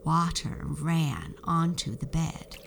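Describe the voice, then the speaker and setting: Slow, low-voiced woman reading a storybook. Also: vocal fry, slight background noise.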